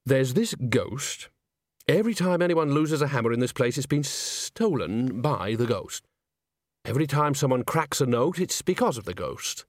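A man's voice: mid-range voice, expressive, moderate pace, dry recording, clean studio sound, natural voice. A man voicing a blunt, plain-spoken male cheese merchant who speaks wryly and lists things off.

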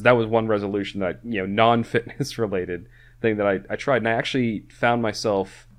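A man co-hosting a podcast, chatting casually and rambling with many restarts and fillers. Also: lowish voice. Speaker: podcast co-host. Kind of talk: casual chat.

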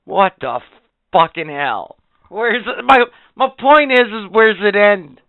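A man's voice: high voice, big pitch swings, takes it slowly, dry recording. A man co-hosting a casual podcast chat, ranting and swearing as he gets worked up. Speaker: podcast co-host. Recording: tinny phone-like sound, dry.

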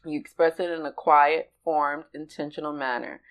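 Older lady, really low voice, reads a letter out slow and careful. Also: steady tone, low-quality recording. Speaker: podcast co-host. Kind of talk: reading a personal letter aloud.

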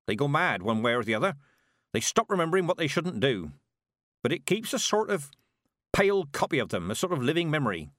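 A man voicing a stern, sharp-tongued old woman witch who speaks in curt, commanding tones. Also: on the high side, sing-song, a little fast, no echo, studio quality, pitched above the performer's own voice.

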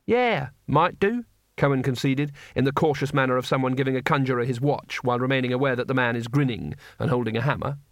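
A man narrating an audiobook in a measured, wry storytelling manner. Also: medium pitch, steady tone, no room sound.

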